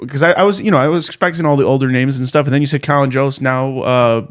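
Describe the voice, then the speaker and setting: A man hosting a podcast, blunt and quick to swear in casual chat. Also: mid-range voice, fairly even intonation. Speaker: podcast host.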